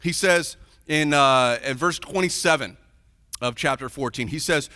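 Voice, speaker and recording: Bright-voiced pastor in a reverberant hall. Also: male voice, fairly high pitch, unhurried. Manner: informal, chatty, checks in with the audience often. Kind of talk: conversational sermon. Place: church sanctuary.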